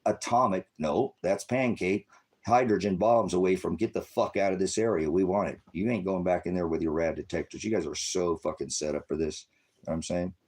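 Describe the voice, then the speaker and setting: A middle-aged man delivering an angry, profane monologue as an online streamer, with sudden shouting bursts. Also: sits low, slightly rough.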